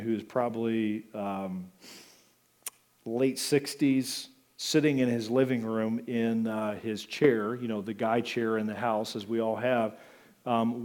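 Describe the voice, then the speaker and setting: A pastor delivering a sermon in an easygoing, conversational style. He drops in asides, and his voice rises for emphasis on key points. A man of mid pitch and ordinary range.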